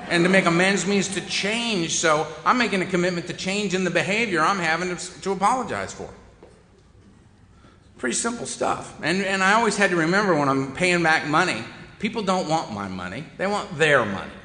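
A man with a high-sitting, animated voice that is fairly quick, bright and forceful relates his recovery to an audience. His telling is funny, wry and self-mocking, and conversational in style, and the recording carries echoey hall reverb.

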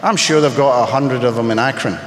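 A man's voice: medium pitch, brisk, a little hiss or hum. Wry man telling his story in an echoey hall. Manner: wry, self-mocking, punchy delivery. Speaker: speaker sharing his story at a recovery meeting. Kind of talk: humorous personal storytelling to an audience. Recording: echoey hall with faint ambience.

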